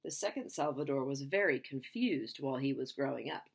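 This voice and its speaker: A woman reading a children's picture book aloud in a lively, expressive way. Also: extremely low pitch, a little fast, gravelly, slightly rough. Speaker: reader.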